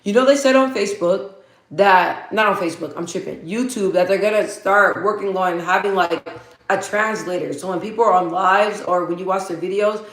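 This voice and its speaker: A livestream host with a medium-pitched, slightly bright voice runs a casual live Q&A at a normal pace in an echoey room. She's hyper and talkative, laughing a lot and reading viewers' answers out loud.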